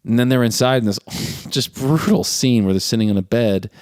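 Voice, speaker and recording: Animated man retelling a film, dry sound. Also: brisk, clean tone, no echo. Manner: animated, acts out quoted lines with big pitch jumps and laughs. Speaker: podcast co-host. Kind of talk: casual chat recapping a film.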